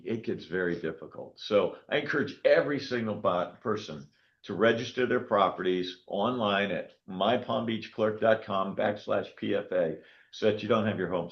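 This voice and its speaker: A man in his sixties, a county clerk, telling stories to a meeting in an animated way and often checking in with "okay?". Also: on the low side, muffled recording. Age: 60s. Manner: animated storytelling, frequent "okay?" check-ins. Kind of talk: public meeting talk.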